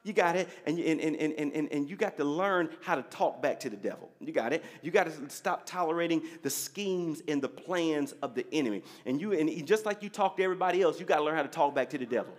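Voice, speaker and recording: Male preacher, high-pitched, call-and-response sermon, shifts from quiet asides to forceful exhortation. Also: expressive, fast, few pauses. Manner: preacher's call-and-response, repeating "you got it?"; swings between quiet asides and loud exhortation. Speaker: pastor.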